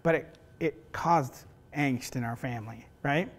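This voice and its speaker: In an unhurried, mid-range voice, a middle-aged man teaches facilitators at a university. He keeps the lecture conversational, frequently asking "right?" and acting out stories about his family.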